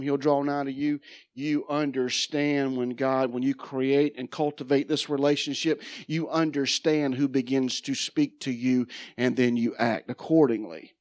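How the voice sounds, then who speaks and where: A man preaching a sermon about his own testimony, emphatic, repeating phrases and asking the congregation questions. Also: a little high. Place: church sanctuary.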